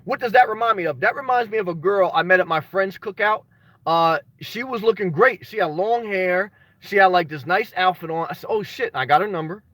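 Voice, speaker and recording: A man with a high-pitched voice hosts a casual livestream, greeting his viewers by name and drifting into loose, rambling stories. The sound is close and dry, with no room around it. Now and then he bursts out in an excited shout. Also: a little fast, dry recording. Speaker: vlogger reading live chat.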